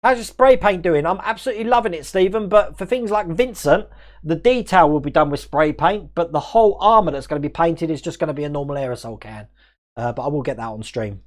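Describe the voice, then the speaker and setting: A man from Australia with a mixed Australian and English accent, hosting a casual live stream, chatting quickly, laughing often and reading out viewer comments. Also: on the high side.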